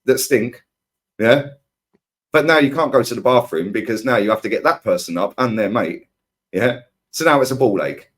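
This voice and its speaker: At a normal speed and medium pitch, this man is ranting animatedly during a heated football fan argument. He keeps hitting his co-host with rhetorical questions, punctuated by "yeah?" and "right?"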